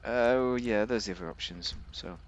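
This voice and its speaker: A man's voice: lowish voice, normal speed, a little hiss or hum. Chatty man reviewing a game car. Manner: chatty, rambling, jokey. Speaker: game video host.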